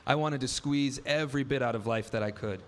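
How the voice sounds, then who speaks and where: A man's voice: mid-range voice, brisk. A man in his thirties telling a personal story on stage, wry and vivid, acting out the dialogue in his own words. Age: 30s. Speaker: live storyteller. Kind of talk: first-person story told live on stage.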